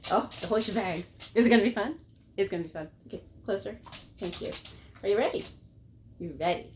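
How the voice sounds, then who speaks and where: A woman's voice: medium pitch, darkish tone, slight background noise. A woman dog trainer at home in her living room, explaining her method and coaxing her dog in a sing-song voice. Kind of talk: casual home training demo.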